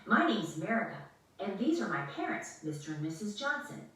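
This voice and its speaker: A woman voicing an excited young girl who talks in high, breathless exclamations. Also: fairly quick. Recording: echoey room, mic far off.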